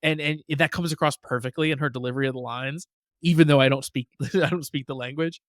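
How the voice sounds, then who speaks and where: A man's voice: on the high side, fairly even intonation, fast talker, a bit bright, dry recording. A man with a slightly raised voice co-hosts a casual podcast. He gushes with enthusiasm and leans on loose fillers. The sound is dry and close, with no room around it. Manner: gushing, enthusiastic, many "like" fillers. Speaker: podcast co-host. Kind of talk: casual chat.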